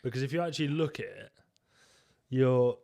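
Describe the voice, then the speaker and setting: A man's voice: mid-range voice, expressive, normal speed, gravelly, darkish tone. A young man, co-hosting a casual podcast about gym training. He is opinionated and jokey, and he drives the ranking of exercises. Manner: opinionated, joking, leads the ranking. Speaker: podcast co-host.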